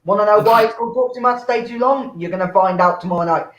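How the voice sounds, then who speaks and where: A man's voice: high-pitched, quick pace, fairly bright tone. A man hosting an online comedy show, chatting casually in a sweary, self-mocking way. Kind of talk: casual live-stream banter. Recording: roomy dull home mic with faint noise.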